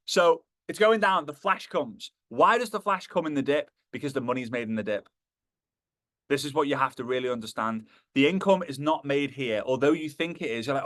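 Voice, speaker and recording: A man delivering a lively motivational talk on stage, his pitch sitting a touch high and swinging widely as he jokes with the crowd. He slips into acted voices now and then, and the sound is dry and close. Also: fairly quick, no room sound. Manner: animated, acts out quoted voices, jokey asides. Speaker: motivational speaker.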